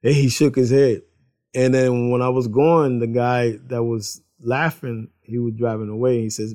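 A man's voice: medium pitch, fairly even intonation, moderate pace, mellow. Guy telling a church-style story about his day, rambly, repeats himself a lot. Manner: rambling, repeats words, laughs while telling. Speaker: husband sharing a testimony. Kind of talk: casual faith testimony.

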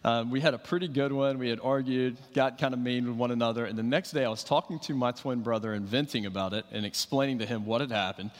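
A pastor in his thirties delivers a sermon in a loose, conversational way, full of fillers and restarts. His voice sits at an ordinary middle pitch, and the sound carries a long hall reverb. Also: quick pace, hardly any pauses. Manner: conversational storytelling with fillers and repeated starts.

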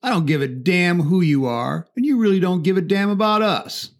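A man voicing a hostile, defiant large teenage boy who talks tough and scornful, in a fairly high voice. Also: moderate pace. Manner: scornful, tough street talk.

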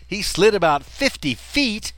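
A man's voice: a little slow, dry recording. Folksy older man telling a story. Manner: folksy, chuckling often, lively swings in pitch. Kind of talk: personal story narration.

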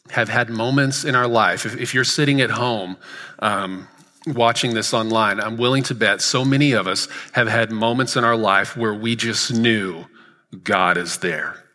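A man's voice: on the low side, sharp tone. A man in his thirties preaching a sermon in a church sanctuary, telling a story earnestly and building to emphatic repeated lines. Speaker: pastor. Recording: reverberant hall.

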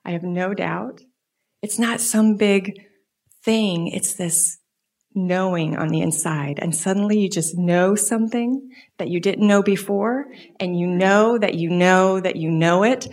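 Animated woman telling a personal story. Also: mid-range voice, unhurried. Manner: animated storytelling, dips into soft whispers. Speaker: guest speaker. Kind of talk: personal story in a church message.

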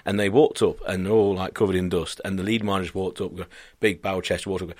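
A man's voice: sits low, fairly even intonation, quick pace, no echo. A man hosting a casual podcast chat, rambling, swearing and laughing often.

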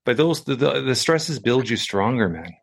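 A man's voice: medium pitch, expressive, moderate pace, creaky. A man hosting a casual podcast conversation, supportive and reflective, often answering with short affirmations.

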